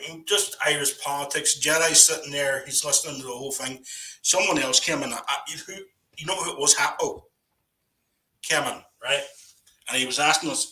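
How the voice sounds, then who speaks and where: Here a man tells rambling stories as a guest in a loose, casual live voice chat. His mid-range voice is bright and sharp-edged, sounding distant and echoey because he sits back from the mic in a roomy space. His sentences loop back, filled with "you know" and "right".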